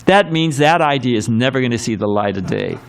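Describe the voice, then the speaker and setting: A man's voice: medium pitch, expressive, brisk, clean tone. Rambling, chatty male preacher. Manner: rambling and conversational, many fillers and quoted voices. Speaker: swami giving a scripture class. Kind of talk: temple sermon lecture. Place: temple hall.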